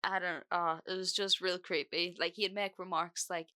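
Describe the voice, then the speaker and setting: A young woman hosts her own podcast, rambling through a personal story with plenty of "like" and "you know". Her voice sits low for a woman but has a bright, forceful edge. She is blunt and unfiltered, and curses casually. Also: level tone, normal speed, hardly any pauses. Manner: chatty, frank, swears freely, many fillers. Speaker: podcast host.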